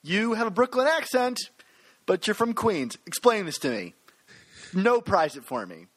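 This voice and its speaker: A man's voice: high-pitched, sing-song, normal speed, fairly bright tone. Playful man co-hosting a podcast. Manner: playful, reads listener reviews aloud. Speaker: podcast co-host. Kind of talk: casual podcast chat.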